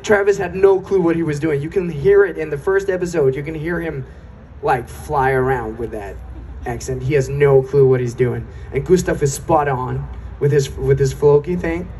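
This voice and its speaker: Animated man telling a panel story. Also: on the high side, normal speed, recorded from a distance, slight background noise, poor audio. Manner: animated, slips into impressions. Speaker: convention panel guest. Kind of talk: casual storytelling on stage. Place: convention panel stage.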